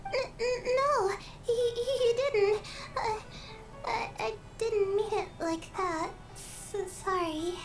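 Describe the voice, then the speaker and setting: Layla, a shy, sleepy young scholar. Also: female voice, extremely high pitch, slow pace, far from the mic, heavily acted. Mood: flustered. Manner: hesitant, stammers when flustered. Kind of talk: game character dialogue. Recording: game audio under music.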